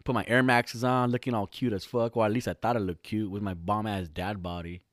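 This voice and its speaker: A man's voice: fairly low pitch, fairly even intonation, a little fast, no echo, studio quality. A man hosting his own podcast, telling a long comic story in a rambling, heavily profane way with lots of restarts. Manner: rambling, heavy swearing, frequent restarts. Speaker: podcast host. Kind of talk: casual comedic storytelling. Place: lives in Southern California.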